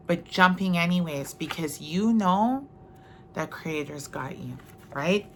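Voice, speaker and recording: Brief: middle-aged woman, motivational speaker, unhurried, bright tone, earnest and chatty. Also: lowish voice. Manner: earnest, conversational, often asks "right?". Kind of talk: reflective spiritual talk.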